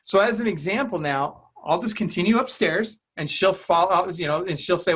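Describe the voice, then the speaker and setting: A man's voice: high voice, moderate pace, sharp tone, slightly rough. A man coaching real estate agents in an interview, talking emphatically and acting out client dialogue.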